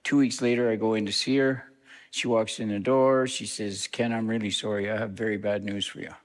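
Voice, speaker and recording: A man's voice: fairly low pitch, flat delivery, a little fast. An older man, a guest minister, telling a personal story to a congregation in a plain, conversational way. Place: church sanctuary. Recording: long church reverb.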